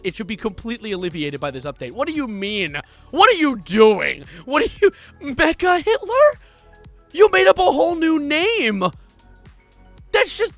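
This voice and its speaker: A man streaming live, commenting on posts with jokes, frequent laughter and loud incredulous outbursts. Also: high voice.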